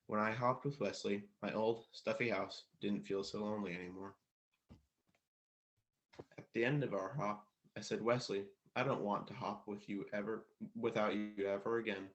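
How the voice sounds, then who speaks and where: A man reading a children's storybook aloud at a church service, plain and steady. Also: on the low side, moderate pace, lo-fi sound.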